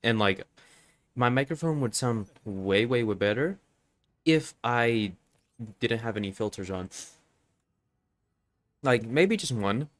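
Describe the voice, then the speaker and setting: A man's voice: mid-range voice, animated, slow, long pauses. A congested man streaming a game, chatting casually and rambling with lots of fillers as he checks in with viewers over a filtered desk microphone. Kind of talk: casual live-stream chat. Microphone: desk microphone with noise filter.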